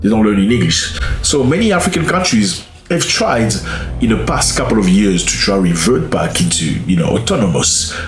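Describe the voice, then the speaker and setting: A man hosting a casual commentary, lively and expressive, now and then dropping to a hushed aside. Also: fairly low pitch, normal speed. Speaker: commentary channel host. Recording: roomy echo, slightly distant mic, faint music.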